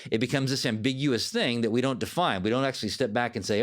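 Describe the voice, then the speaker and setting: A man hosting a podcast as a life coach, giving a motivational monologue in an animated, conversational way. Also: medium pitch, fast.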